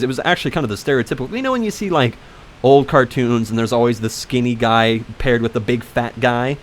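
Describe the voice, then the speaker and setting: A young let's play commentator talks fast at medium pitch, telling a long personal story over gameplay in casual commentary. He rambles and corrects himself as he goes, turning animated when indignant. There's a little hiss or hum on the audio.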